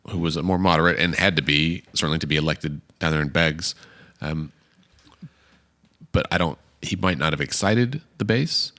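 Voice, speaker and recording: Deep-voiced man, a podcast co-host. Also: sharp tone. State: has hiccups. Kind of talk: casual political chat.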